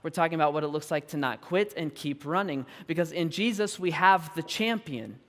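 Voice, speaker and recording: A man in his thirties preaching a sermon, telling a personal story in an animated, self-deprecating way and laughing often. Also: a little high, a little fast, big-room sound. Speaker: pastor. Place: large church auditorium.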